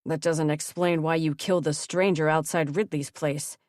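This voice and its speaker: A woman's voice: low-pitched, fairly even intonation, moderate pace, a little mellow, no echo, studio quality, voice pushed down, lightly acted. A woman voicing a wary, injured young man who mutters dryly.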